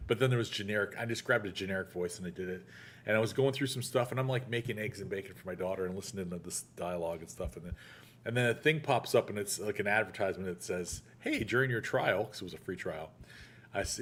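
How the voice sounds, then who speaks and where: Animated storytelling man. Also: fairly low pitch, fast. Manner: animated storyteller, acts out quotes. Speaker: podcast host; actor. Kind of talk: casual chat.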